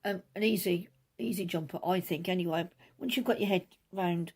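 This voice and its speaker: A middle-aged woman hosting a knitting podcast, chatting casually in a rambling, quick way with many asides, recorded at home on a camera mic. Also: lowish voice, husky. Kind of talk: casual chat.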